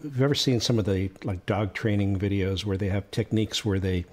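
Husky low-voiced man podcaster. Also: steady tone, a little fast, darkish tone. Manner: wry, easygoing. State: nursing a cold. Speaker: podcast co-host. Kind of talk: casual chat.

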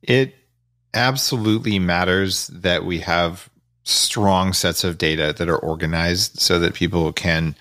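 American man, podcast host, low voice, wry sarcasm, dry close sound. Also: steady tone, unhurried, a bit bright, dry recording. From United States. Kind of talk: interview conversation.

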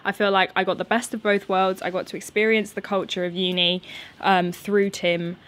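A woman's voice: mid-range voice, level tone, moderate pace, fairly bright tone. Chatty woman vlogging outdoors. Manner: chatty, laughs often, nervous energy. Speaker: YouTuber answering viewer questions. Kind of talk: casual unscripted chat. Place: outdoors in her garden.

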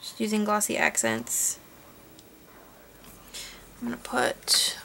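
A woman narrating her card-making tutorial in a relaxed, chatty way, thinking aloud as she works. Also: on the high side, slow, vocal fry, pauses often, slight background noise. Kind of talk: casual crafting tutorial voice-over.

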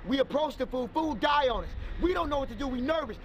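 A man acting in a low-budget comedy film as a panicky young street hustler who curses a lot and talks himself through trouble. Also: animated, fast talker, a little hiss or hum. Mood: anxious. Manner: frantic, cursing, talks to himself. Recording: film audio with music underneath.

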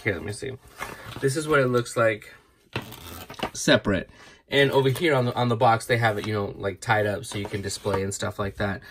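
A man's voice: medium pitch, fairly bright tone, a little hiss or hum. A man hosting a casual craft tutorial, chatty and rambling, correcting himself as he demonstrates. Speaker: craft channel host.

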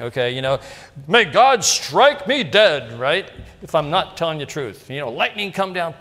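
A long reverb tail trails the fairly high, slightly bright voice of a middle-aged pastor. He delivers a laid-back sermon in a church sanctuary, telling stories and throwing out asides and rhetorical questions to his congregation.

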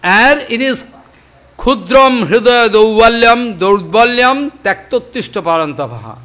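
Older guy preaching slow, high bright voice, chants verses then repeats himself for emphasis. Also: lively intonation. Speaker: spiritual teacher. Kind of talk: devotional discourse.

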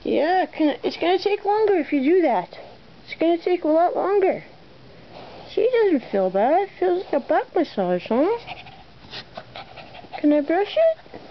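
A woman's voice: extremely high pitch, sing-song, unhurried, long pauses. A woman coaxing her dog in a sing-song voice while grooming it, filmed on a home camera. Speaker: pet owner. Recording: dull home video with faint noise.

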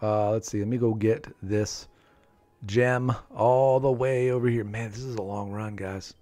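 A man commentating live gameplay for viewers, excitable, talking to his players and breaking into high shouts, with keyboard typing behind him. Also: measured pace, soft background music. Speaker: game streamer.

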